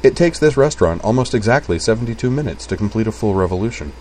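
A man reading aloud and voicing a precise, studious young man in a quiet, matter-of-fact way. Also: on the low side, animated, fast, a little hiss or hum, lightly acted.

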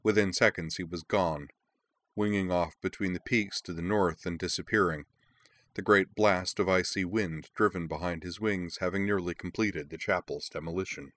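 A man narrating a fantasy story in a measured, expressive storytelling manner. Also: sits low, dry recording. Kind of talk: audiobook narration.

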